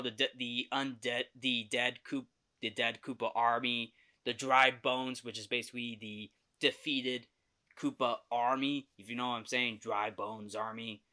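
A man's voice: medium pitch, bright, forceful tone. A young man hosting a podcast, chatting casually through a movie trailer review, often correcting himself and laughing easily.

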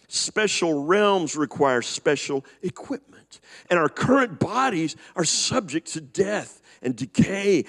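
A man preaching a sermon, reading scripture and slowing down on key phrases for emphasis. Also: high voice. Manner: animated preaching, slows for emphasis. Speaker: pastor.

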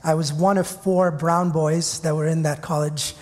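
A man's voice: on the high side, flat delivery, moderate pace, darkish tone, in a large hall. A man in his thirties preaching a sermon as pastor, telling a personal story in a conversational, self-deprecating way.

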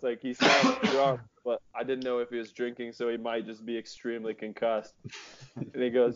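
A man hosts a laid-back podcast, chatting over drinks with friends. He tells stories in a loose, rambling way and swears freely. The recording sounds a little muffled, with his voice at a middling pitch. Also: level tone, moderate pace, a bit bright, a little hiss or hum. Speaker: podcast host. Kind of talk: casual chat over beers.

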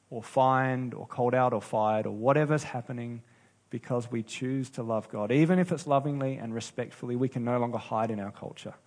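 A man preaching a sermon as pastor, earnest and unhurried, with pauses and restarts. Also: medium pitch, darkish tone.

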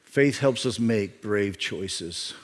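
A middle-aged man preaching a sermon as a pastor, emphatic, repeating key phrases and swinging between loud and quiet. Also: lowish voice, slow pace. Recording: reverb of a large hall.

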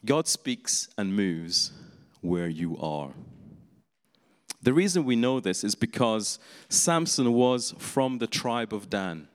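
Male preacher, fairly low voice, chatty sermon delivery, long reverb on the recording. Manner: conversational, with laughing asides.

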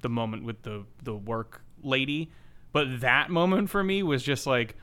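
Upbeat guy on a podcast, bright voice, swears and laughs a lot. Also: mid-range voice, moderate pace, smooth. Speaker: podcast co-host. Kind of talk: casual chat.

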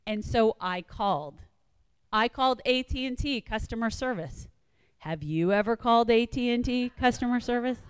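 A woman's voice: on the high side, normal speed, clean tone, dry recording, big-room sound. A woman telling a personal story in a sermon-like devotional talk, acting out quoted lines and repeating points for emphasis. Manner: animated retelling with quoted asides, emphatic repetition.

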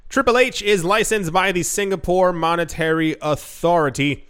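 A man's voice: high-pitched, moderate pace, fairly bright tone, clear, resonant tone. A man hosting a casual crypto news show, reading headlines with sarcastic asides and frequent restarts.

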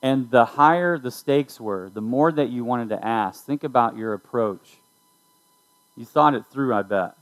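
A man's voice: medium pitch, measured pace, poor audio. Man preaching casually to students. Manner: conversational, storytelling, addressing listeners directly. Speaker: youth pastor. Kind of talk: sermon to students.

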